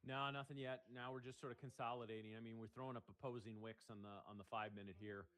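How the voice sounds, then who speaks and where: A man talks through live trading commentary in a measured, analytical way, thinking aloud as he goes. His voice sits at an everyday middle pitch for a man. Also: steady tone, a bit bright. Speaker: day trader co-hosting a livestream.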